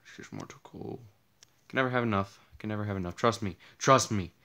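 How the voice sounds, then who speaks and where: A man's voice: lowish voice, brisk, creaky, pushed and bright. A young man with a tired, partly lost voice, rambling through casual gameplay commentary, easily startled and joking at himself. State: losing his voice, tired. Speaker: gaming channel host. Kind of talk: casual Let's Play commentary.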